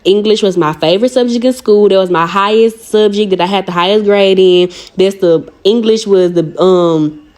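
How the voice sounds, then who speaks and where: A young woman with a Southern country accent from Arkansas, chatting fast and slangy to viewers as she does her own nails. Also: medium pitch, darkish tone. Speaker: nail vlogger. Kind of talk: casual voice-over tutorial chat.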